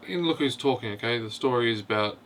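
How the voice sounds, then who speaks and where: A man's voice: medium pitch, animated, quick pace, fairly bright tone, a little hiss or hum. A man casually reviewing a film, hesitant and rambling, with constant "you know" fillers. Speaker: host of a film review video.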